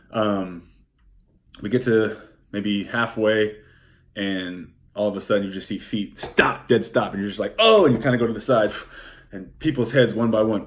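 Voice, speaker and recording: A young man with a somewhat low voice tells a race story to camera from his kitchen. He swears freely and acts out splashes and pops with his mouth as he goes. It is a casual, animated vlog recap. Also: brisk. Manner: profane, animated storytelling with sound effects. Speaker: vlogger, triathlete. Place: home kitchen, indoors.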